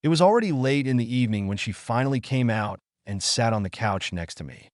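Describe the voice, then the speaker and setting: A man narrating a first-person story in an expressive, dramatic way. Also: medium pitch, brisk, no echo, clean studio sound.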